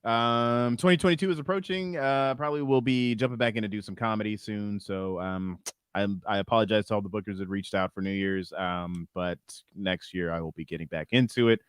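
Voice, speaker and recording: A man co-hosting a podcast, a comedian chatting casually in relaxed banter. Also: on the low side, brisk, clear, resonant tone, no echo. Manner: laughs often, relaxed banter. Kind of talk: casual chat.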